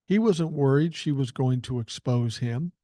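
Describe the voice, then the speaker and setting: A man's voice: medium pitch, measured pace, dark tone, dry recording, studio quality. An older man hosting a political podcast, reading listener emails aloud and answering them in a blunt, emphatic way that includes swearing. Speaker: podcast host.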